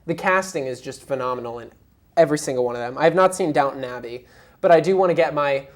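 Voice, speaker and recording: Low-voiced young woman gushing on a talk show. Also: quick pace. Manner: bubbly, gushing, filler-heavy. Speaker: co-host. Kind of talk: casual entertainment chat.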